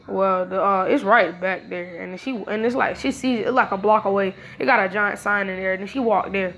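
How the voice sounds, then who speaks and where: Gravelly woman rambling through a fan story. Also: medium pitch, fairly quick, fairly bright tone, slight background noise. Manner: rambling, casual slang, many restarts. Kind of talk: improvised fan-fiction retelling.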